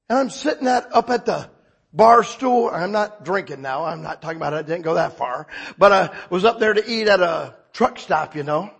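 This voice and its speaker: An older man in his sixties preaches his personal testimony in a husky, high-pitched voice. His pitch leaps widely as he shifts from hushed reverence into excited, shouted storytelling. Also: normal speed. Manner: storytelling, humorous and emotional.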